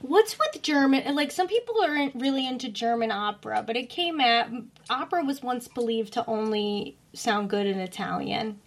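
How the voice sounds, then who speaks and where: A woman co-hosting a casual podcast, tossing off quick, jokey asides. Her voice sits a little high. She keeps the chat loose and playful. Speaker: podcast co-host.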